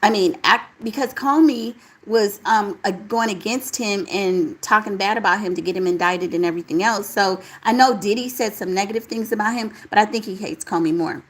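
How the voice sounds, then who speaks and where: A woman hosting a casual live chat, reading out viewer comments and answering them in a relaxed, talkative way. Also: mid-range voice, rough recording. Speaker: livestream host reading chat.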